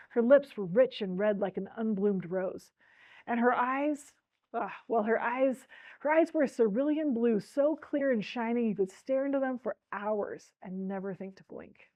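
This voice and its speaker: Expressive woman reading a story aloud. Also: on the high side, moderate pace, no room sound, lo-fi sound. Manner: expressive storyteller who speaks to listeners directly. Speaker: book talk presenter. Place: library talk.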